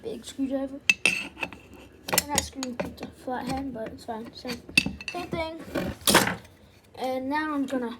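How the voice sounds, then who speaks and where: A woman with a notably high voice gives casual, chatty commentary as she works through a repair job, laughing often and slipping into a whisper now and then. Loud background noise and tool clicks sit under her voice throughout. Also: fairly even intonation, slow, pauses often. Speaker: vlogger taking apart a machine. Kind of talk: casual running commentary while working.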